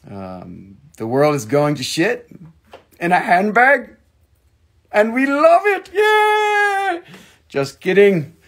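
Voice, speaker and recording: Selling stones on a relaxed home live stream, this man jokes and meanders in a playful way. He talks unhurriedly, in a high-pitched voice that's husky and gravelly.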